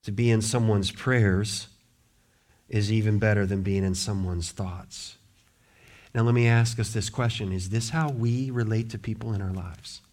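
A man's voice: on the low side, steady tone, measured pace, darkish tone. A middle-aged male pastor preaching a sermon in church. He talks earnestly and builds emphasis through repeated questions.

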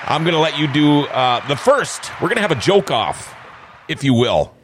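Lively, chuckling radio host man. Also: a little high, normal speed, slight background noise. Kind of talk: casual radio chat. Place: radio studio.

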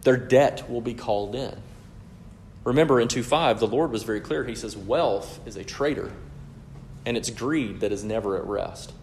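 A man's voice: medium pitch, moderate pace, a little mellow, slight background noise. A man preaching an expository sermon in an emphatic, explanatory way, often checking in with "right?".

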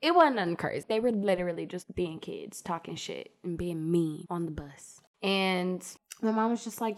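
A woman speaks as a guest on a casual podcast. She is animated and sassy, leaning hard on her points with emphatic repetition. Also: on the low side, moderate pace, hardly any pauses.

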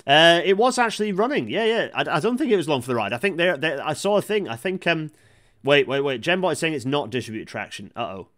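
A man hosting a casual livestream. He reads the chat aloud, rambles with many restarts, and breaks into excited outbursts. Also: a little high, quick pace. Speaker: live-stream host reading chat. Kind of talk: casual live-stream commentary.

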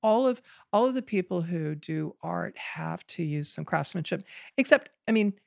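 Gravelly-voiced chatty woman. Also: on the low side, moderate pace, dry recording. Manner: animated, laughing, rambling with restarts. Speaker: podcast guest, bonsai student. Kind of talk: casual conversation.

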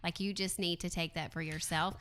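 A frank Southern woman telling personal stories, her voice low-set but bright and crisply clear. She talks plainly and warmly animated when she quotes others. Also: fairly quick. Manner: frank, storytelling, animated quoting. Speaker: chamber of commerce president. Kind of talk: casual panel chat.

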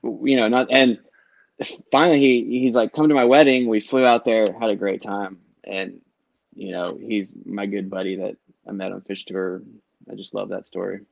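A man's voice: lowish voice, level tone, normal speed, vocal fry, dry recording, muffled recording. A middle-aged man telling long, rambling concert-trip stories in casual podcast chat, swearing freely and acting out what people said. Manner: rambling storyteller, swears freely, acts out quotes.

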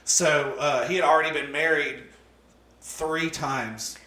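A man telling family stories in a casual, profane, animated chat, often laughing. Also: on the high side, takes it slowly. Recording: roomy sound from a distant mic, faint noise.

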